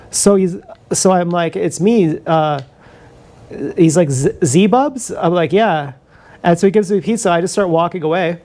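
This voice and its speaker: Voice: mid-range voice, darkish tone. Rambling, profane live-streamer. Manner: profane, rambling, confessional storytelling. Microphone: action camera mic.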